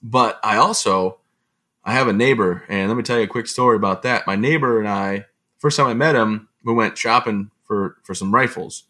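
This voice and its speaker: Bright-voiced man telling stories. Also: lowish voice, moderate pace. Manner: lively, self-mocking, often laughing and acting out quotes. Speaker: guest, motivational speaker. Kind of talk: casual anecdotal storytelling.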